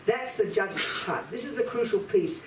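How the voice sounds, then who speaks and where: Woman, Buddhist teaching, emphatic and lively, plays out inner voices, mid pitch, distant mic, echoey hall. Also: moderate pace, noisy background. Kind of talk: dharma teaching. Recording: echoey room, speaker far from mic, faint ambience.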